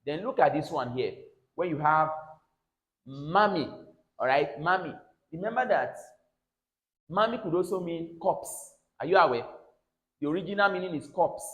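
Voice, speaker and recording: A man's voice: on the high side, animated, moderate pace. A man teaching English pronunciation, drilling each example word and tagging his lines with "all right?". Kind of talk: classroom phonics lesson. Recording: roomy echo.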